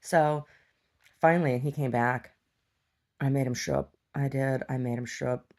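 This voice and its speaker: A woman's voice: a bass voice, fairly even intonation, moderate pace, a little mellow. A woman talking casually in a rambling video diary, chatty and meandering, with frequent restarts. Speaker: video diarist.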